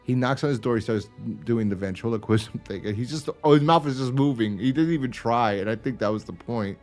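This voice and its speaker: A man's voice: mid-range voice, fairly quick, a little mellow, faint music behind. A man co-hosting a podcast in casual chat, rambling, laughing and swearing as he retells stories. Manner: rambling, swears and laughs often, acts out quotes. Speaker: podcast co-host.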